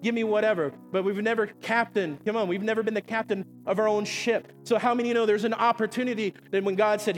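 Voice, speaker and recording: High-voiced fervent male pastor preaching. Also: fairly even intonation, fast, few pauses, in a large hall, soft background music, rough recording. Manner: fervent preaching with repeated "come on" and call-and-response questions. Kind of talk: sermon.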